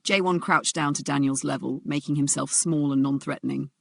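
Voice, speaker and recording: A narrator reading a dramatic story in a steady storytelling voice. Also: mid-range voice, fairly quick, vocal fry, hardly any pauses, no echo, clean studio sound.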